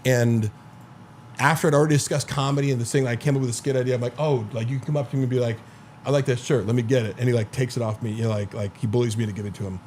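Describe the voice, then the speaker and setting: A man in casual podcast chat, telling a long story and stringing it together with 'like' and curses. His voice sits at an ordinary pitch. A faint noise runs under the recording. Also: fairly even intonation, racing, a little mellow. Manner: rambling storyteller, heavy filler 'like', profane. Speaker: podcast host.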